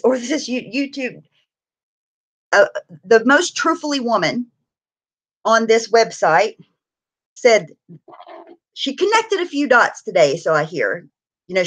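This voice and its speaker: A tired woman with a lowish, fairly bright voice chats casually on her live stream, greeting viewers one by one. She laughs easily and keeps things loose and gossipy.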